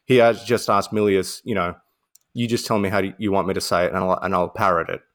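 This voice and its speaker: Podcast co-host, male, low voice, relaxed anecdotal delivery. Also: fairly quick. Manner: relaxed storytelling, uses "mate". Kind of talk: casual film discussion.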